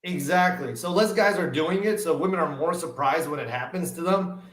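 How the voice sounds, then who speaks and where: Animated man telling stories in an echoey room. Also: on the high side, normal speed. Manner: animated storyteller, acts out dialogue. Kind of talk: casual podcast chat.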